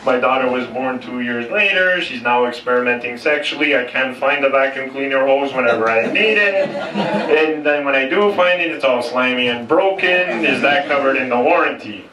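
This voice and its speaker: A man's voice: mid-range voice, moderate pace, few pauses, noisy background. A middle-aged man, doing a blunt, swearing stand-up set that slips between English and French. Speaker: stand-up comedian. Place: comedy club stage. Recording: echoey club room, mic heard from a distance.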